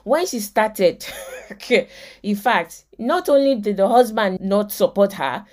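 A woman with a Nigerian accent and a mid-range voice hosts a motivational podcast, speaking slowly. She tells lively stories, acts out the people in them, and quotes scripture like a preacher.

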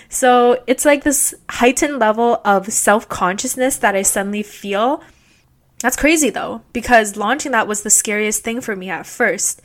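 A woman's voice: on the high side, a little slow. Chatty young woman podcasting solo. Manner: chatty and candid, laughs often, many "like" fillers. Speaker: podcast host. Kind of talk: casual solo podcast monologue. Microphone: podcast microphone.

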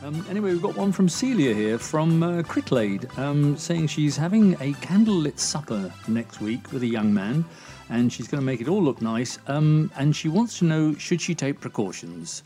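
A man's voice: fairly high pitch, sing-song, moderate pace, mellow, faint music behind. A man hosting a comedy sketch, reading out letters with many hesitant "um"s. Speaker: host.

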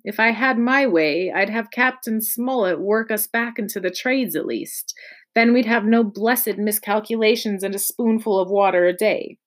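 A woman voicing a gruff, scheming male pirate cook who talks in rough sailor's slang. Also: medium pitch, normal speed, natural voice. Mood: scornful. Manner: coaxing, rough sailor's talk.

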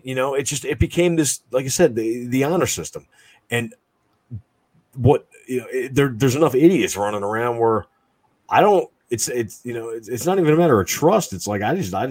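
Man, profane casual rant, lively swooping pitch, mellow husky tone, dry close sound. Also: moderate pace, dry recording. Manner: profane, ranting, lots of fillers. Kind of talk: casual chat.

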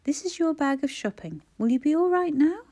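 A woman as a sharp-tongued sarcastic shopper. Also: high voice, animated, fairly quick, voice pushed up. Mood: gentle. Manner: sarcastic, crisp emphasis.

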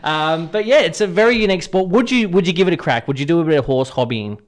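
A man co-hosts a casual drive-time radio show, joking and teasing as he goes. His voice sits a little high for a man and swings widely in pitch. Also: expressive, fast talker. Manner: joking, teasing, laughs often. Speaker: radio co-host.

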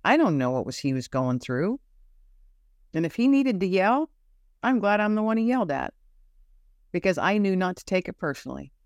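A woman's voice: on the low side, very animated, moderate pace, long pauses, darkish tone, no room sound, studio quality. A woman guest telling personal faith stories in an earnest, searching way, often repeating herself as she looks for the right words. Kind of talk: faith-centered personal storytelling.

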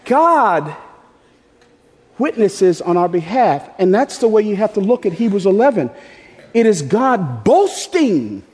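A man preaching a sermon as pastor, with emphatic delivery that leaps into high, animated voicing. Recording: echoey hall with long reverb.

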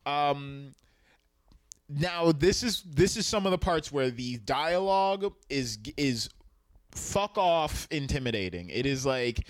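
A man's voice: a little high, animated, slow, dry recording, clean studio sound. A man co-hosting a podcast in casual chat, who laughs often and acts out quotes.

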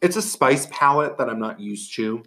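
A man's voice: medium pitch, expressive, moderate pace, bright, forceful tone. A young man co-hosting a podcast, chatting casually while eating, swearing freely and filling his talk with fillers and laughs. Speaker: podcast co-host.

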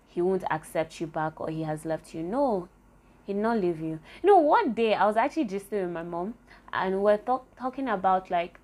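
Earnest young woman. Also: on the low side. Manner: earnest and rambling, full of fillers. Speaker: faith podcaster. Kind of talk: casual devotional talk.

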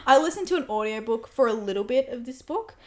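A woman's voice: high-pitched, sing-song, moderate pace. Giggly young woman chatting. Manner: bubbly, giggly, lots of "like". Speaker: podcast co-host. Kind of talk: casual chat. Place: lounge room in a house by a main road.

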